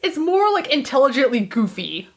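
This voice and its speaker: A woman co-hosting a casual chat, lively and full of fillers, acting out quoted lines now and then. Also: sits high, moderate pace, slightly rough. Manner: animated, many fillers, acts out quoted lines. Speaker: podcast co-host.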